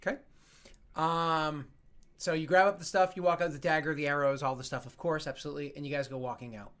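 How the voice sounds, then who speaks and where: A man narrating a tabletop game as game master. He talks casually with plenty of fillers. His voice sits a touch high. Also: fairly even intonation, fast talker, fairly bright tone.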